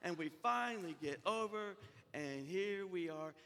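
A man's voice: high voice, lively intonation, unhurried, fairly bright tone. A man, a pastor telling a story with acted-out voices, then preaching with rising force. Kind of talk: sermon. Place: church sanctuary. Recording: long hall reverb.

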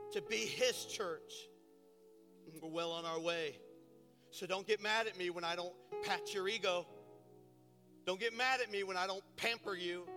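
A pastor preaching a sermon, building to impassioned, shouted declarations in a church sanctuary. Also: male voice, high-pitched. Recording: reverberant church hall with piano.

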